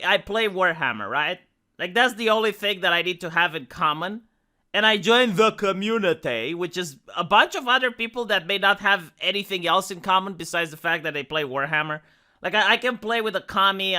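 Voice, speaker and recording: A man's voice: high voice, bright, forceful tone. A young man ranting sarcastically in a profane, heated commentary video. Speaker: YouTube commentator.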